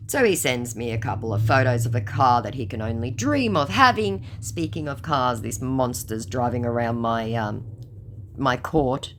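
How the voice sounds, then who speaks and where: Low-voiced woman telling a sarcastic story. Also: moderate pace, a bit bright, slight background noise. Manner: dry, sarcastic narration. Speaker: scam baiter. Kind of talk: casual storytelling vlog.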